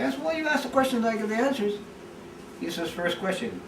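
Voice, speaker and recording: A man's voice: a little high, fast talker, a little hiss or hum. A man from Jamaica, telling an anecdote in an interview and acting out the quotes. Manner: animated anecdote with acted-out quotes. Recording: roomy, distant recording.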